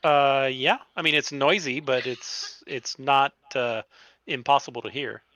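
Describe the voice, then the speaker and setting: A man's voice: mid-range voice, unhurried, sharp tone, lo-fi sound. A man running a tabletop game as game master, explaining rules in a laid-back way.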